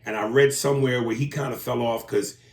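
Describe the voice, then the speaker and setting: A man's voice: medium pitch, fairly even intonation, fairly quick, a little mellow, roomy sound. A man co-hosting a podcast in casual chat, crude and joking, often acting out lines. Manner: crude, joking, acts out lines in silly voices. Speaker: podcast co-host.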